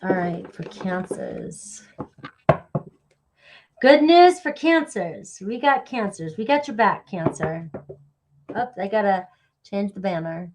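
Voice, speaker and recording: A woman's voice: fairly low pitch, very animated, measured pace, background noise. A woman giving a casual live tarot reading, chatty and rambling, with a sniffly stuffy nose. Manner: chatty, rambling, thanks viewers by name. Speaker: tarot reader.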